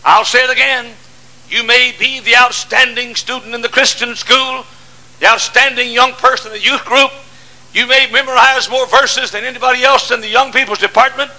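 An older man preaching a sermon, swinging from shouts to hushed storytelling. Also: very high-pitched, steady tone, normal speed, rough recording.

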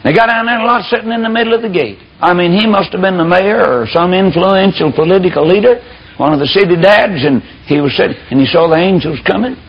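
A man's voice: sits high, fast, slightly rough. A man preaching a sermon, telling the story in a folksy, fiery way. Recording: dull lo-fi recording.

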